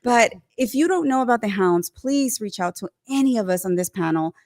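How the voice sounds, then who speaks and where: A woman's voice: medium pitch, animated, brisk, darkish tone, no echo. A woman speaking earnestly and emotionally as a panelist in a casual group talk.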